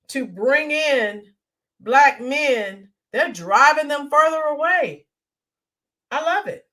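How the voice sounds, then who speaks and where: A woman's voice: sits high, sharp tone. A woman hosting a live stream, reading viewer comments in an indignant, emphatic way. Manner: indignant, emphatic, mocking quotes. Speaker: livestream commentary host.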